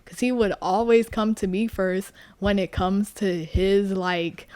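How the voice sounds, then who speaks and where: A woman's voice: mid-range voice, fairly even intonation, measured pace, a little mellow, smooth, dry recording. A young adult woman hosting her own podcast, rambling frankly and cursing as she tells stories about people she knows. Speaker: podcast host. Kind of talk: casual solo chat.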